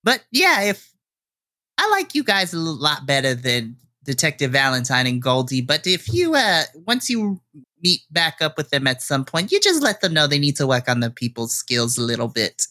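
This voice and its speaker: A man's voice: on the high side, huge pitch swings, moderate pace, bright, forceful tone, dry recording, clean studio sound, full character voice. A man voicing a friendly woman diner waitress who calls people sweetheart.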